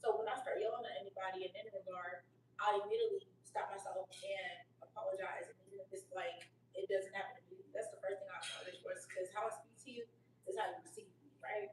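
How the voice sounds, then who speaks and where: A woman talks candidly on a couch, animated in her storytelling and loose with slang. She sits some way back from the microphone, and the room around her rings. A faint hum runs beneath her voice. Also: medium pitch, quick pace. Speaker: host. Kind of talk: casual couch chat. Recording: roomy, distant mic with faint hum.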